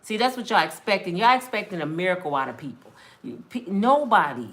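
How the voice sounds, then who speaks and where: A woman's voice: on the low side, sing-song, brisk. A woman, giving an emphatic, conversational talk about relationships as a mentor. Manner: emphatic, conversational street-preacher delivery with acted quotes. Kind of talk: preachy monologue to camera.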